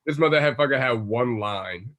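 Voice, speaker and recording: A man chatting on a podcast in a middle-pitched voice. He is blunt and profane, tossing in wry asides. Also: normal speed, a bit bright. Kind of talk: casual podcast banter.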